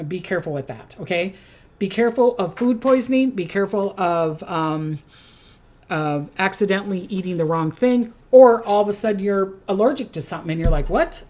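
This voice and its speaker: A middle-aged woman giving a casual zodiac forecast, chatty and repetitive, often checking in with "okay?" and briefly mimicking people. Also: lowish voice. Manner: chatty, repeats "okay?", acts out quick voices. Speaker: psychic doing zodiac forecasts. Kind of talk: casual spoken forecast to camera.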